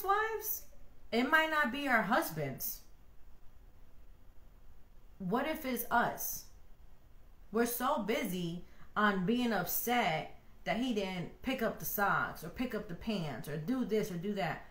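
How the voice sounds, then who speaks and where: Woman, thirties, wife talking straight to other wives about marriage; animated, preachy, filler-heavy, echoey room. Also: on the high side, measured pace. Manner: animated, preachy, lots of "like" and "you know". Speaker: wife giving marriage advice. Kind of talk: casual heartfelt talk to viewers.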